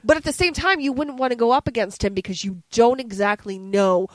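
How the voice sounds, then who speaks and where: A woman's voice: a little high, fairly quick, dry recording. A woman chatting casually about a movie with a co-host, rambling with fillers and asides.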